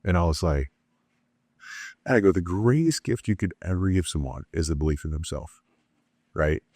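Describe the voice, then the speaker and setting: A man's voice: deep voice, normal speed, no room sound. A middle-aged man, a guest on a business interview, telling motivational stories and acting out the dialogue in them. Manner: animated motivational storytelling with acted-out dialogue. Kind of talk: casual interview talk.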